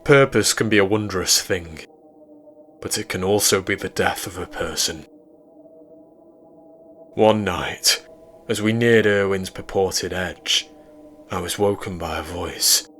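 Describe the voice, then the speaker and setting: A man with an English accent narrating a horror story in a measured, low-key way. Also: a bit bright, soft background music.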